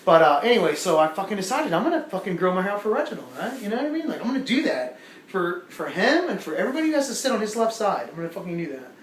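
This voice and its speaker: A young man on a small club stage, rambling through a profane stand-up story with a slightly high voice. The room rings with echo, and a faint hum of ambience sits underneath. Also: very animated, racing. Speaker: stand-up comedian. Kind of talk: stand-up comedy set.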